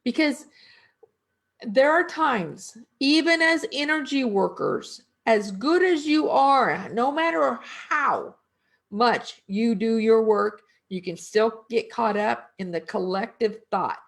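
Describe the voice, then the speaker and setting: This energy worker, a woman in middle age, has a slightly high, animated voice with vocal fry. She muses slowly in a conversational spiritual chat, putting rhetorical questions to her audience.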